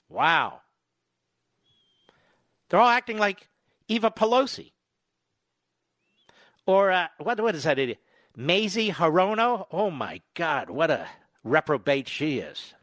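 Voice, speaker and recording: A male talk radio host delivering a combative, sarcastic political monologue full of rapid-fire rhetorical questions. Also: fairly high pitch, fairly bright tone, dry recording, studio quality.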